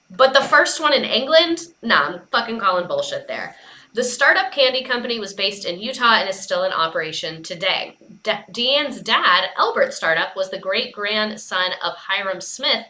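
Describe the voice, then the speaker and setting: Young female host, bright edgy voice, profane and sarcastic, echoey room. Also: medium pitch. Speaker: commentary host. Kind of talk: casual commentary.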